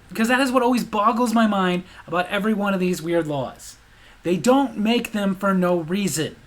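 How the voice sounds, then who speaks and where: A man's voice: sits high, fairly bright tone. A man hosting a comedic monologue, ranting in an incredulous, sarcastic way. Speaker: vlog host.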